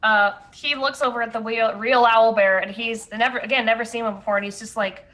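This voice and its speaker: A woman playing a tabletop game, excitable and quick to gasp and laugh. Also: on the high side. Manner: excitable, gasping. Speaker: player.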